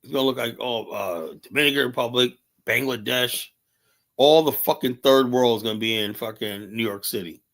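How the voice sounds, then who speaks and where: A man's voice: mid-range voice, moderate pace, fairly bright tone. Male livestream host, casual rant, heated and profane delivery, rambles and restarts. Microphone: streaming setup mic.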